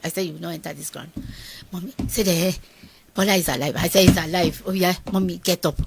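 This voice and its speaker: A middle-aged Nigerian woman telling a personal story in an interview, animated and acting out the dialogue of the people in it. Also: on the low side, quick pace, vocal fry, heavy background noise. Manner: animated, acts out quoted dialogue. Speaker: guest.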